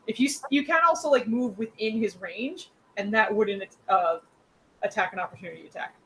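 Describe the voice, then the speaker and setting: A woman's voice: mid-range voice, brisk, fairly bright tone, slight background noise, rough recording. A woman as dungeon master of a tabletop game, explaining rules patiently, often giggling and apologizing.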